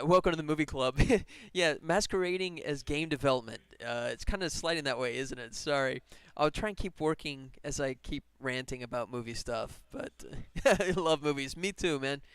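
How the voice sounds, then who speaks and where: A man's voice: fairly high pitch, moderate pace, fairly bright tone, smooth, no echo. A man game developer chatting casually on a live stream while he works, rambling and laughing often. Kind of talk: casual livestream chat while working.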